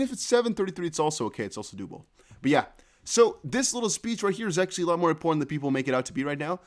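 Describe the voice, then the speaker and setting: A man hosting a casual live crypto news stream, excitably thinking aloud as he reads viewer chat and posts. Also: medium pitch. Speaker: crypto news livestream host.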